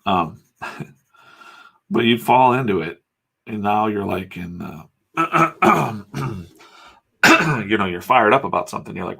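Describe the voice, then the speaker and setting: Chatting while he draws, a middle-aged US comics artist and channel host rambles candidly and profanely. His fairly low voice is expressive, bright, forceful and slightly rough with vocal fry, and he takes it slowly, pausing often.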